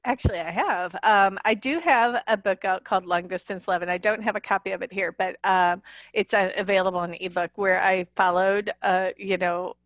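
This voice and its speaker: A woman's voice: mid-range voice, moderate pace, no room sound. Chatty Midwestern woman, dry close sound. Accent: Northern US Midwest. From US Midwest, Illinois. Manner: chatty, laughs often, animated storytelling. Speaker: romance author guest. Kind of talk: casual interview chat.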